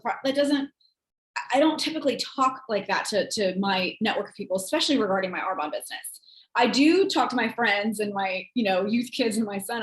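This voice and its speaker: Chatty high-voiced woman coaching her team. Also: roomy sound, poor audio. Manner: chatty, rambling, acts out quoted texts in a higher voice. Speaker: host and sales team leader. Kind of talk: casual coaching talk.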